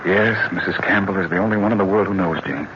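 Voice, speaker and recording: An actor playing a brooding, secretive gentleman of the house, with a low, earnest 1940s radio-acting delivery. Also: fast, close to an everyday voice. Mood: tender. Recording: muffled, hissy old radio recording.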